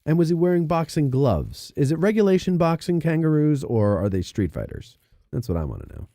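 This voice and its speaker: Animated, mellow-voiced male podcast host. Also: on the high side, fairly quick, dry recording, clean studio sound. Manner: animated, drops into gravelly impressions. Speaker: podcast host reading chat. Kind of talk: casual chat.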